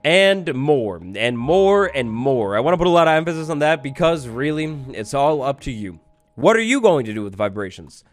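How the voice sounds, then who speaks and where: A man's voice: a little high, expressive, fast. A young man hosting a game tutorial, explaining mechanics in an upbeat, playful way and acting out little scenes. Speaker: Minecraft tutorial host. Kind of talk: gameplay tutorial narration. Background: background music.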